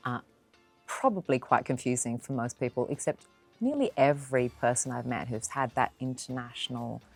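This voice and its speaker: A middle-aged Australian actress speaks in a strikingly low voice, recounting anecdotes in an interview. She tells them expressively and slips into the voices of the people she quotes. The sound is dry and close, with faint music underneath. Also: no room sound. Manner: expressive storyteller who acts out quoted voices. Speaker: actor.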